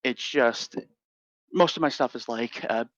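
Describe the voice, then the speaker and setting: A man voicing a male fitness influencer who hedges and rambles politely, in fast bursts. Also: medium pitch, dry recording, natural voice. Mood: evasive. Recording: dull, dry lo-fi audio.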